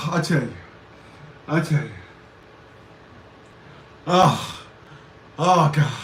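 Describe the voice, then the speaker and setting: A man hosting a livestream, ranting crudely with loud laughs and shouted outbursts. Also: on the high side, slight background noise. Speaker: livestream show host. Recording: echoey room, far from the mic.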